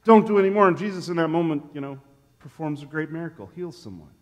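A man pastor preaching a sermon in a church sanctuary, telling the story in an animated way and acting out the quotes. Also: on the high side, fast, long reverb tail.

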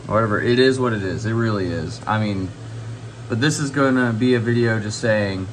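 A man's voice: lowish voice, normal speed, background noise. A young man filming himself by an indoor grow tent, ranting angrily and swearing about his failed plants. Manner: angry, swearing, exasperated. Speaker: home grow vlogger. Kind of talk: frustrated casual vlog rant.

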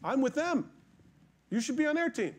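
Preacher putting on God's voice, pitched up, insistent. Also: male voice, very animated, moderate pace, full character voice. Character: God speaking, protective and firm, male.

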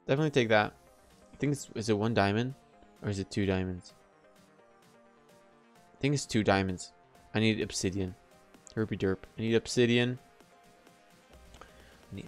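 A man giving casual, excitable gameplay commentary, chatty and thinking aloud as he plays. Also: mid-range voice. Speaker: let's play gamer.

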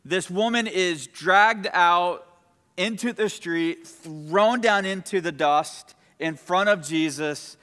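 Bright-voiced pastor preaching in a church. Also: male voice, high voice, slow, smooth. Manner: preaching with call-and-response to the congregation. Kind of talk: sermon. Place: church sanctuary. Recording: echoey church hall.

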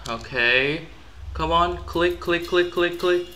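A man giving live gameplay commentary, excitable and easily frustrated, with sudden yelps and outbursts. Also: on the high side, takes it slowly, a little hiss or hum. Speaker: gaming YouTuber.

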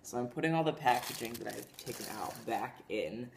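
A young woman chatting casually in a home vlog, gushing with excitement as she talks to the camera. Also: rumbling low, brisk, gravelly, background noise. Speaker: vlogger. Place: home, indoors.

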